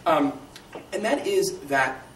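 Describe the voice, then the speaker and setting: A man's voice: on the high side, expressive, slow. A man giving a lecture and answering audience questions, thinking aloud in a conversational way and often checking in with "right?". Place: lecture room. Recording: echoey room, distant mic, faint hiss.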